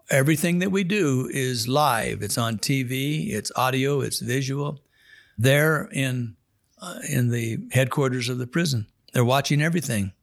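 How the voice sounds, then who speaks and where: Earnest man telling a sermon story. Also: medium pitch. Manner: earnest, folksy storyteller who acts out dialogue. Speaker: prison chaplain telling a story.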